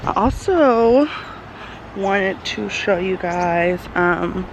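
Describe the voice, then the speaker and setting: A woman's voice: mid-range voice, lively intonation, very slow, background noise. A woman in her twenties chatting casually and upbeat to her vlog audience. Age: 20s. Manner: chatty, upbeat, says "y'all". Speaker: vlogger.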